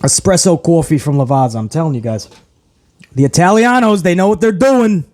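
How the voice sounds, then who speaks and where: A man hosting his own wrestling review show, ranting in a casual, profane, animated way and mocking what he saw with quick impressions. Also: on the high side. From grew up in housing projects.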